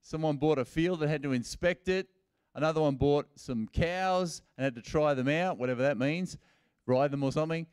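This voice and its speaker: A man's voice: fairly high pitch, normal speed, a little mellow, clear, resonant tone, no echo, clean studio sound. A man preaching as a pastor at a church service, telling the stories in a casual, conversational way and acting out what people say. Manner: casual and storytelling, acting out quoted lines in everyday speech. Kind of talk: conversational sermon.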